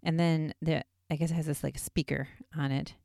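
Lady with a low smooth voice, chatty recap, says like a lot, dry sound. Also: normal speed, no room sound. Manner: chatty, many "like" fillers, excitable retelling. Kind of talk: casual episode recap.

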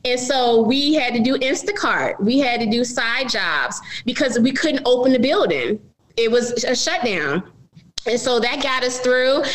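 A woman's voice: fairly high pitch, rough recording. A middle-aged woman, a business owner, telling her story earnestly in an interview and often calling her listeners y'all.

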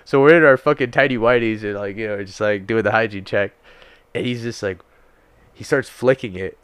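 A man's voice: lowish voice, a little fast, fairly bright tone, clear, resonant tone, dry recording. A young man casually telling stories on a podcast, laid-back and full of swearing and fillers. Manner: profane, laid-back storytelling with lots of fillers. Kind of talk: casual chat.

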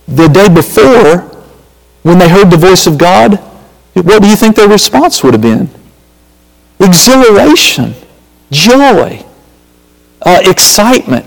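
A man's voice: on the high side, lively intonation, slow, vocal fry, pauses often. A man preaching a sermon as a pastor, emphatic, repeating phrases and calling out to the congregation. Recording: reverberant hall.

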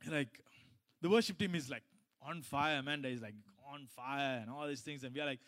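A man's voice: mid-range voice, brisk, a bit bright. A middle-aged man giving a sermon as a pastor, telling a personal story in a loose, conversational way with many restarts and asides.

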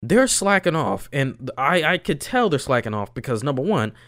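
Lively young man telling a story. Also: normal speed, no echo, studio quality. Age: young adult. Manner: animated, slangy, swings between loud and low. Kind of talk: casual chat, storytelling.

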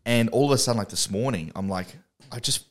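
A man's voice: medium pitch, fast. A man co-hosting a podcast in casual chat, swearing freely and talking in a laid-back way. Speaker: podcast co-host. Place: studio.

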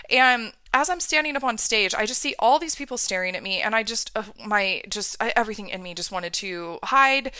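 A woman's voice: mid-range voice, sharp tone, clear, resonant tone, no echo. A woman hosting a podcast, telling a personal story in a candid, emotional way. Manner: emotional, candid, reenacts her own outbursts. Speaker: podcast host.

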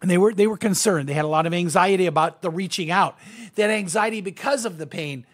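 Guy pastor preaching, kinda high voice, earnest, lots of uh and restarts. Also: fast. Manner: earnest, emphatic, with many restarts and fillers. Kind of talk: sermon.

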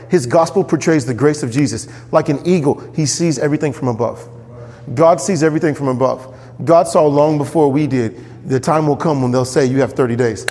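A pastor delivers an animated sermon, his pitch leaping up whenever he voices the characters he quotes. The sound carries the feel of a big room.

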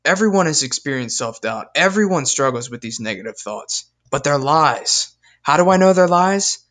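A young man giving a scripted devotional talk, earnest and emphatic, reading scripture verses deliberately. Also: a little high, a bit bright. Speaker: speaker in a devotional video.

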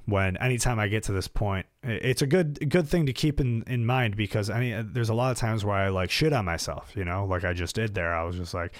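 A man's voice: lowish voice, normal speed, few pauses, no echo, clean studio sound. A young man talking casually and reflectively to his audience, rambling with many fillers and restarts. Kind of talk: casual personal monologue.

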